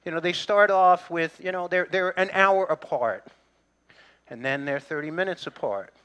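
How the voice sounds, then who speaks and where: A man's voice: high voice, normal speed, a bit bright, clean tone. A middle-aged male pastor preaching a sermon in a conversational way, with humor and asides to the congregation.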